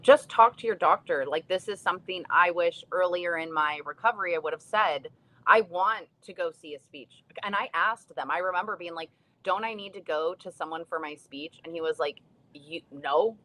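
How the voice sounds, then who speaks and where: A young woman with a somewhat low voice, co-hosting a casual chat. She speaks earnestly and reflectively, in an even conversational tone. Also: normal speed. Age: young adult. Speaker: co-host, stroke survivor.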